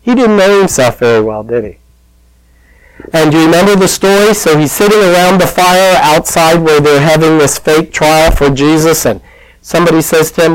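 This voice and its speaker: A male pastor delivers a sermon in a fairly high voice, recorded dry and close. He tells the story with animated, acted-out voices and questions thrown to his listeners. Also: moderate pace, no echo, low-quality recording.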